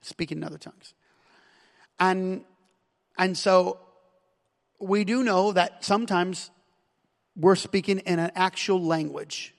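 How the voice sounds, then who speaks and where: American man, pastor, high voice, storytelling sermon, long church-hall reverb. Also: fairly even intonation, slow, creaky, pauses often. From United States. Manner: storytelling, rising to loud emphatic preaching. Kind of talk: sermon with personal stories.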